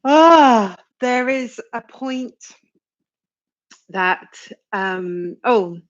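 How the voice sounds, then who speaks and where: Woman guiding a slow, soothing tapping session. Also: a little high, animated, muffled recording. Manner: slow, soothing guidance with sighs and yawns. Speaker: tapping practitioner leading a live session. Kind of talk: guided tapping session, live stream.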